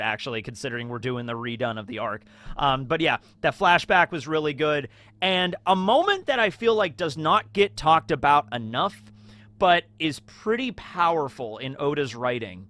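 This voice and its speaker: A man's voice: fairly high pitch, bright, forceful tone. A man hosting a casual anime fan video, talking enthusiastically and rambling with many fillers.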